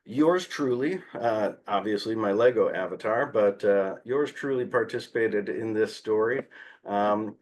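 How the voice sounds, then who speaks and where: A man's voice: on the low side, unhurried, darkish tone. A man presenting a training session on behavior analysis, talking conversationally with hesitant fillers and light humor.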